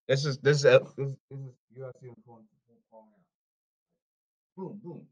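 A man ranting on his own podcast, repeating himself and calling people out, swinging from apologetic mutters to shouts. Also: medium pitch, level tone, fast. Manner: repetitive, emphatic, calling people out. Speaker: podcast host. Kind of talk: rambling solo podcast rant.

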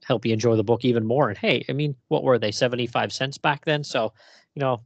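A man's voice: medium pitch, quick pace, gravelly, dry recording, lo-fi sound. A man hosting a comics podcast in casual chat, rambling with lots of fillers and easy laughs. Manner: relaxed, rambling, many fillers, laughs often. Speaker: podcast host.

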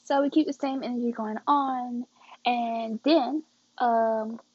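A teenage girl rambles through a casual storytime vlog, turning to her viewers again and again. Her voice sits a bit high and comes out husky. The recording is dry and dull, with a lo-fi sound. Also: fairly even intonation, takes it slowly, darkish tone, no room sound. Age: teens. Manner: chatty, keeps addressing viewers as y'all and guys. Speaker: vlogger telling a story.

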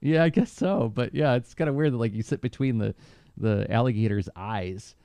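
A middle-aged man talking casually as a podcast co-host, telling stories with lively enthusiasm. His voice is mellow and warm, and the sound is close and dry. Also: moderate pace, clean tone, no echo. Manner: animated, enthusiastic storyteller with lively pitch jumps. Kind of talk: casual chat.

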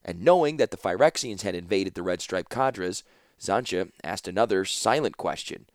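A man narrating a fantasy audiobook in a dramatic, expressive storytelling manner. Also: low voice, moderate pace, dry recording, clean studio sound.

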